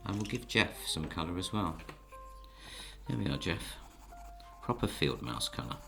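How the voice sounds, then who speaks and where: A man gently narrating a children's story while he draws the pictures, and he often talks to the audience. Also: sits low, sing-song, a little slow, creaky, soft background music. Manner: gentle, coaxing, speaks to the audience.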